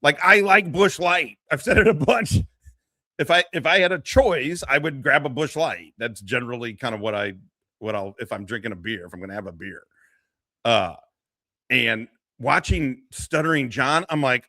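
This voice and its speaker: A man's voice: fairly high pitch, moderate pace, bright, forceful tone, dry recording. A man hosting casual commentary on a streamer, profane and mocking, often laughing.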